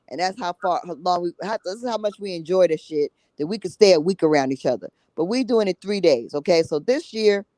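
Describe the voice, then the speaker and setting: A woman's voice: on the low side, darkish tone, no room sound, poor audio. A woman speaking as a guest on a talk show, emphatic and blunt, repeating herself and tagging her points with "okay?". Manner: emphatic, repeats herself, drops tag 'okay?'; blunt, salty language. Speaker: guest, summit organizer. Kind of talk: passionate conversational talk.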